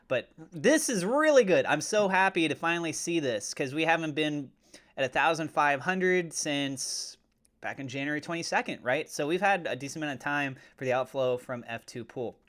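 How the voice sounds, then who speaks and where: A man hosting his own cryptocurrency channel, chatting casually and getting excitable as he watches prices move. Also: mid-range voice. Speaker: crypto YouTuber. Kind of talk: casual commentary to camera.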